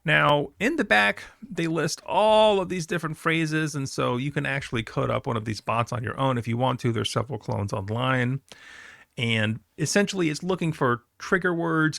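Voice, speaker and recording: A man's voice: a little high, normal speed, creaky, a bit bright, no room sound, clean studio sound. A man teaching a class in a recorded lecture, talking conversationally with fillers and asides.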